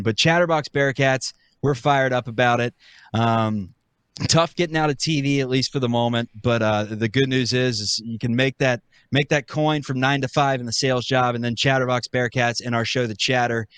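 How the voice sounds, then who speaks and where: A man's voice: mid-range voice, fairly bright tone, smooth, no room sound. A man, a former TV broadcaster, chatting casually as a guest, laid-back with many fillers. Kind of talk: casual chat.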